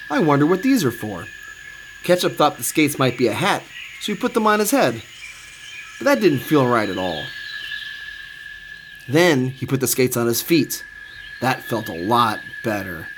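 A man reading a children's storybook aloud, expressive and sing-song. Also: mid-range voice. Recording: steady background noise.

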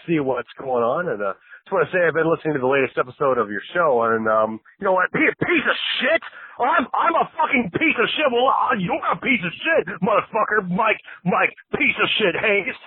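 A man's voice: slightly rough, no echo, full character voice. A man playing an angry, profane superfan caller who rants and swears into a phone line. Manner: profane, shouting, then mumbling low. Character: furious ranting male superfan caller.

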